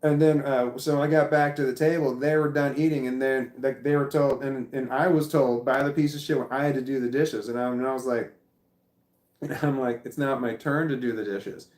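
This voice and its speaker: A man's voice: mid-range voice, steady tone, brisk, darkish tone. A man telling a personal story in a rambling, unscripted way, often restarting sentences and swearing. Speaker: vlogger. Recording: echoey room.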